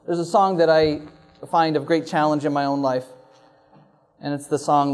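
Pastor, male, fairly high voice; earnest, reflective sermon with emphatic repeats. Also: steady tone, moderate pace, pauses often, darkish tone, clean tone.

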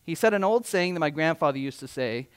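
A man's voice: fairly high pitch, expressive, fairly quick, clear, resonant tone. A middle-aged man preaching a sermon in church, with a conversational yet emphatic style and many rhetorical questions. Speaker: pastor.

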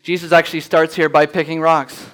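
A man preaching a sermon, earnest and plainspoken, slowing down to read scripture aloud with rising emphasis. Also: a little high, little pitch movement, fairly bright tone, low-quality recording. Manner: reads scripture slowly and deliberately, rising for emphasis. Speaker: pastor.

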